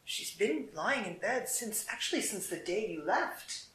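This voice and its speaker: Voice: mid-range voice, lively intonation, measured pace, a bit bright. A storyteller voicing an older father in a folk tale, bewildered and insistent. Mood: puzzled. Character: puzzled older father of the bride. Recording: echoey room.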